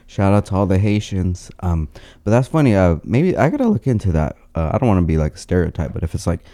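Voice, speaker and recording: Mellow laid-back man co-hosting a podcast. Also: sits low, big pitch swings, fast talker, dry recording, clean studio sound. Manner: laid-back storyteller with frequent fillers and swearing. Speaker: podcast co-host. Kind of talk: casual chat.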